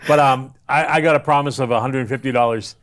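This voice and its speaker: A man's voice: mid-range voice, fairly even intonation, fast, fairly bright tone. A man, a former wrestler, telling rambling stories with crude jokes as a guest on a casual podcast. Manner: rambling storyteller, crude joking, restarts often.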